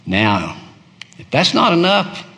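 Male preacher, slow and bright, delivering a sermon with big dynamic swings from near-whisper to ringing cries. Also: huge pitch swings, creaky, in a large hall. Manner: dramatic swings from hushed murmur to loud high cries.

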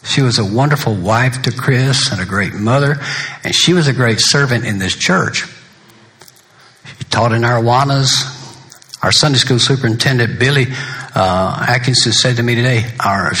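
Bright-voiced older pastor, folksy. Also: male voice, medium pitch, normal speed. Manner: folksy, joking anecdotes between solemn points. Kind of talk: funeral sermon.

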